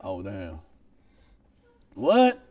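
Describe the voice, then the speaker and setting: A man hosting a casual chat, animated and profane, laughing as he tells stories. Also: deep voice, extremely slow, no room sound, far from the mic. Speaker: podcast host.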